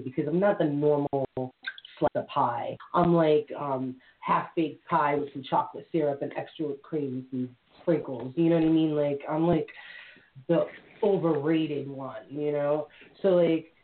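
A woman's voice: deep voice, moderate pace. Brash woman host on a phone line. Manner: brash, bawdy, playful. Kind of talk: live call-in talk show chat. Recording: tinny phone-line audio with faint hiss.

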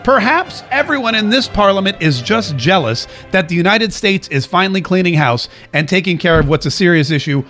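A man with a notably high voice hosts a casual commentary show from home. He talks in a chatty, rambling way, reading out viewer comments and dropping sarcastic asides. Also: lively intonation, brisk, few pauses, a bit bright, soft background music. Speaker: show host.

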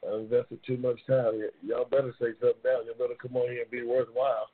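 A male talk show host chats loosely on a live stream, slangy and rambling, repeating himself. His voice is husky and mid-pitched. It comes through a tinny, phone-like line. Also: flat delivery, fast. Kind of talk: casual live-stream chat.

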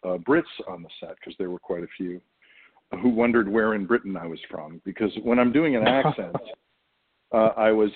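Deep husky man on a tinny line. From United States. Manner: thoughtful, halting, many fillers and restarts. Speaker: actor guest. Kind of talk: casual interview talk.

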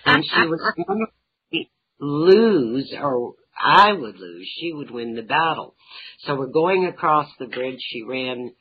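A woman's voice: a bass voice, very animated, slow pace, slightly rough, highs cut off. A middle-aged woman, an author being interviewed, telling humorous family anecdotes. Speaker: author and talk show guest. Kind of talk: interview storytelling.

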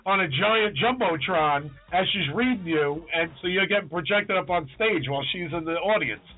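Podcast co-host, man, animated anecdote teller, slightly high voice, tinny phone-quality sound. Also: moderate pace. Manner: animated storyteller, acts out quoted voices. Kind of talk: casual chat. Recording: tinny phone-like audio with faint music.

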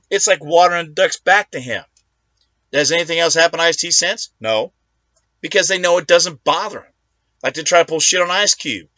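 A man's voice: a little high, bright, forceful tone, dry recording, muffled recording. A man hosting his own talk show, delivering a profane, combative political rant. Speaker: host.

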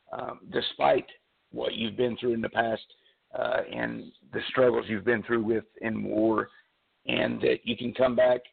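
A man hosting a talk radio show, speaking earnestly with many pauses and fillers while losing his voice, calling in by cell phone. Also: medium pitch, creaky, breathy edge. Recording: tinny cell phone line.

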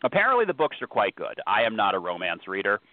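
Talking fast in a fairly low voice with wildly swooping pitch, a man hosts a casual podcast-style talk show. He rambles and interrupts himself mid-sentence, and the recording has no echo but a tinny phone-line sound.

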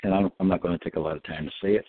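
A man giving a halting religious teaching, full of fillers and restarts, who slows down and stresses each word when he quotes scripture. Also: deep voice, fairly even intonation, dry recording. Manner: emphatic, drawn-out scripture quoting. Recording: tinny phone-line audio, dry.

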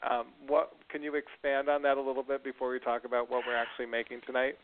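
A man's voice: mid-range voice, monotone, fast, slight background noise. A man from the Northeast US hosting a talk show, upbeat as he reads out listener questions to his guest. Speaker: host. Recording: tinny phone-like radio sound.

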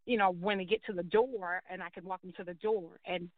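Woman, animated storytelling, acts out quotes, tinny phone-line sound, dry. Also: fairly low pitch, fairly quick, dry recording. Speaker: guest telling her life story. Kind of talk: personal storytelling in an interview. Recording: tinny phone-like call audio.

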